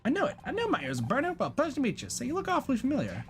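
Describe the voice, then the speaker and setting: Man putting on a brassy drag queen woman, high and flamboyant, game voice. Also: huge pitch swings, very fast, a bit bright, faint music behind, full character voice. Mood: sassy. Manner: flamboyant, sassy. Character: brash bold woman drag performer.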